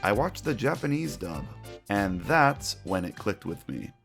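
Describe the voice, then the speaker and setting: A man's voice: fairly low pitch, sing-song, measured pace, vocal fry, over music. A man narrating a scripted retrospective commentary, opinionated and wry.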